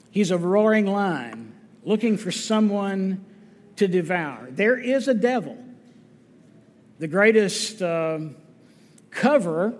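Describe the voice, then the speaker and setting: A pastor with a high voice delivers an earnest sermon, slow and deliberate, and he hammers his points home by repeating them. His voice carries a long reverb through the church. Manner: earnest, deliberate, emphatic repetition.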